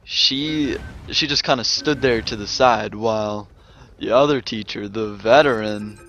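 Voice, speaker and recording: A man's voice: fairly low pitch, measured pace, a bit bright, highs cut off, slight background noise. A man telling a casual storytime vlog, rambling with many fillers and restarts. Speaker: gaming vlogger.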